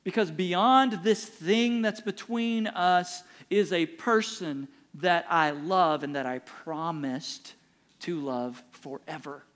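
A middle-aged male pastor delivers a sermon with a fairly high-pitched voice. He speaks emphatically and repeats short phrases to hammer each point home. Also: takes it slowly, fairly bright tone.

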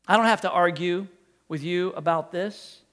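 Man, pastor, sermon, high voice, animated storytelling, playful asides. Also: moderate pace. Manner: animated preaching with acted-out quotes and asides.

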